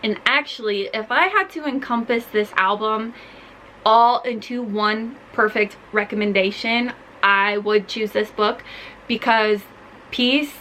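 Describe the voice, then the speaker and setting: A woman's voice: a little high, bright, forceful tone, a little hiss or hum, low-quality recording. A young woman chatting casually about book recommendations, gushing and full of "like" fillers. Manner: gushing, chatty, heavy use of "like". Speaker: book vlogger.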